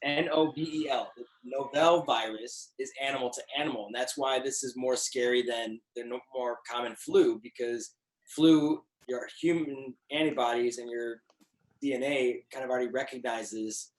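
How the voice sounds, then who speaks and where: A man on a video call who explains things at length in a playful way. His voice has a mid-range pitch. The sound is echoey, as if he is in a bare room. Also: fairly even intonation, moderate pace. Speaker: co-host. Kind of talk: casual chat on a video call.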